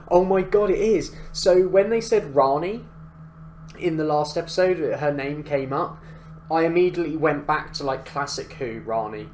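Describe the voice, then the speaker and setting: A man's voice: a little high, normal speed, a little mellow, slight background noise. A man chatting casually through a video game, thinking aloud and reading messages. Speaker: let's play gamer.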